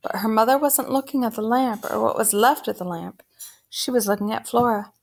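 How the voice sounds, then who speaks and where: A woman reading a children's novel aloud, telling the story at a steady pace. Her voice has a noticeable gravelly texture. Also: fairly high pitch, a little fast. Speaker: audiobook narrator.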